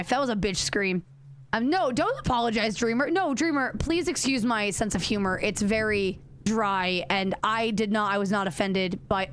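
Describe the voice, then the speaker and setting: A woman's voice: medium pitch, clean tone. A woman streaming a horror game live, chatting casually with her viewers, swearing freely and rambling with lots of restarts and self-corrections. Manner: chatty and animated, swears freely, talks directly to chat.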